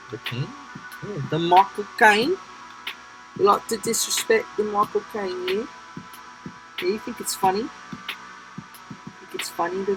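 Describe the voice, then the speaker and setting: A man doing a comic impression of a gruff, touchy London drug dealer, with a put-on London accent that slips toward Australian and pushy tag questions. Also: sits high, voice pushed up, rough recording. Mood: menacing. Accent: put-on London accent slipping toward Australian. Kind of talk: comic impression in a live stream.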